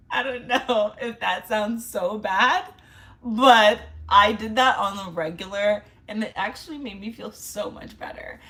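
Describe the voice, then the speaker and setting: A woman's voice: mid-range voice, a little slow, sharp tone. A young woman vlogger in casual chat, chatty and self-mocking, laughing often.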